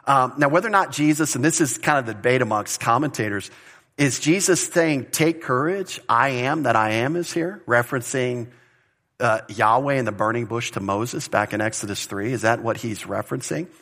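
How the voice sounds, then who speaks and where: A man's voice: mid-range voice, brisk, sharp tone. A man teaching a Bible study in an informal, conversational way, with asides and restarts.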